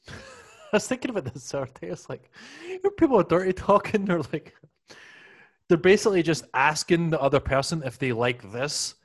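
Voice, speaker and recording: A man in casual chat, swearing freely and dropping quick comic asides. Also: fairly high pitch.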